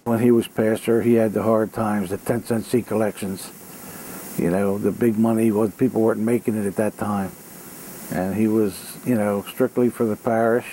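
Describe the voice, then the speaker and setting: An older man recalling his parish priest from his childhood, speaking plainly with small pauses during an interview. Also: fairly low pitch, steady tone, dark tone, slight background noise, poor audio. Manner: plain, halting recollection. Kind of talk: reminiscing in an interview.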